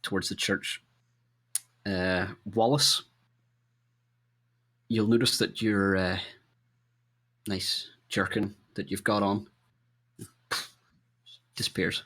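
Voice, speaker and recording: Low-voiced man running a tabletop game. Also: fairly even intonation, pushed and bright. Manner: halting, searching for words while describing. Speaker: game master.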